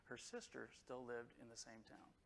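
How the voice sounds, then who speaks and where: Middle-aged man, conference talk, emotional personal story, halting with fillers, medium pitch, faint background noise. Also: fairly even intonation, creaky, fairly bright tone, rough recording. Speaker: conference speaker. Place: conference hall.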